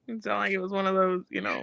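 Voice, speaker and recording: A woman's voice: mid-range voice, vocal fry, a bit bright, no echo, rough recording. A young woman co-hosting a casual chat, blunt, profane and joking. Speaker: podcast co-host.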